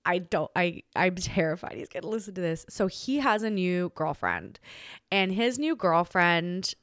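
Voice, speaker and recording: In a clean studio recording with no echo, a young podcast host tells a story in a chatty, animated monologue. She leans on filler, saying "like" constantly and restarting often, and jumps into playful voices with big pitch leaps whenever she quotes someone.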